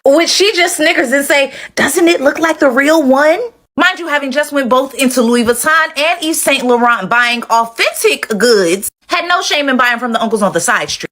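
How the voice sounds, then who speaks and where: A woman telling a casual story in a lively way, acting out the quotes. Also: sits high.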